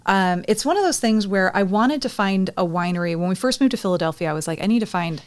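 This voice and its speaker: A woman co-hosting a casual podcast, chatty and blunt, quick to tease her co-host. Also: mid-range voice, lively intonation, clean tone, dry recording. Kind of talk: casual chat.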